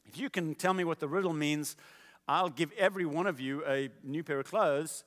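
A bold, strong young man sets out a challenge, slow and deliberate, as a preacher acts him out. His fairly high voice rings through a large hall with long reverb. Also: fairly bright tone, close to an everyday voice. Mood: challenging.

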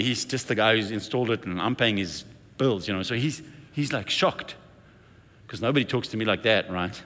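Male senior pastor, anecdotal sermon delivery, mid-pitched voice, lively quoted voices, long hall reverb. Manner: storytelling with playful acted-out quotes.

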